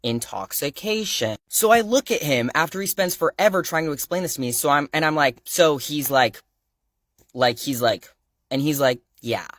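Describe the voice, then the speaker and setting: A young adult man casually recounting a personal story to camera, rambling with frequent fillers and excited retellings. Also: fairly high pitch, normal speed, dry recording, studio quality. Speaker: pet owner telling a story.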